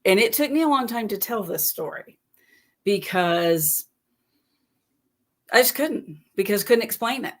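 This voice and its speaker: A woman guest in a relaxed conversation with a middle-range voice. She talks hesitantly, holding back as she starts her story. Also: medium pitch, unhurried, long pauses. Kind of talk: casual chat.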